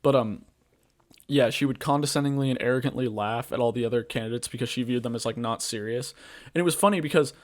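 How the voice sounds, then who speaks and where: A man hosting a podcast, ranting in a loose, rambling way. His voice sits at an ordinary middle pitch, and he leans on filler words constantly. He is blunt and profane. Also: fast talker. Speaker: podcast host. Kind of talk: casual political rant.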